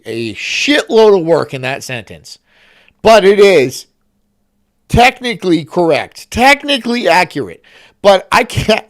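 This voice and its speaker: A man hosting a stream, reacting casually with rambling, swearing asides. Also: a little high. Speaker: streamer host.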